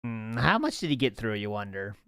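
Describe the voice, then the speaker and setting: A man hosts a loose, casual stream from his home studio, reacting to chat and cursing along the way. His voice is smooth and resonant. The sound is dry and close, with no room echo. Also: fairly low pitch, very animated, a little fast, pushed and bright. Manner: loose, profane, laughs often, reads chat aloud. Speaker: podcast host. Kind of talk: casual livestream watch-party chat.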